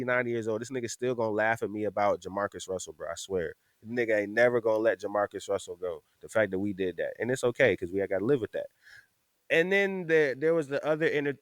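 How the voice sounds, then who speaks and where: A man's voice: medium pitch, fairly bright tone, dry recording, clean studio sound. Profane ranting male podcast host. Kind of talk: casual podcast chat.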